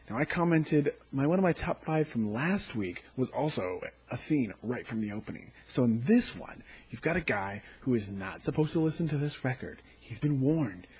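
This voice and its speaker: Very husky man reviewing a show. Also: medium pitch, moderate pace. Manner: excited, recounts scenes with acted-out quotes. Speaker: TV episode reviewer, channel host. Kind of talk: casual video review chat.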